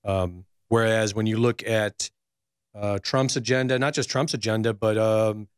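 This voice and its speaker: A man, a reporter, talking in a measured, hesitant way during a casual political chat. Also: fairly low pitch, fairly even intonation, clean tone, no echo, studio quality.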